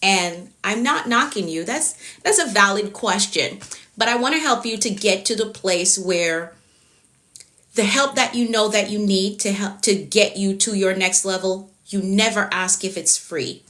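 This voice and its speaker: A Jamaican woman with a Jamaican accent coaches productivity on a live stream, speaking unhurriedly in a mid-range, sharp-toned voice. She chats, repeats her points and responds to viewers' comments as they arrive.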